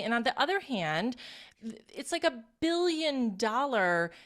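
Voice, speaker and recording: Reassuring woman coach explaining calmly. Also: fairly high pitch, a little slow. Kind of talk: casual conversation.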